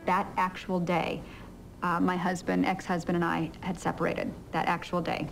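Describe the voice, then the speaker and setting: A woman's voice: lowish voice, little pitch movement, normal speed, creaky, poor audio. A middle-aged woman in a candid interview, telling a story with giggles and acting out her own past lines. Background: music.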